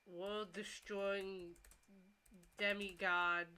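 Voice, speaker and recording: A woman's voice: mid-range voice, little pitch movement, extremely slow, pushed and bright, smooth. A woman co-hosting a casual live stream, giggling as she passes along viewers' comments. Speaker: streamer co-host reading chat. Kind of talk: casual Twitch stream chat.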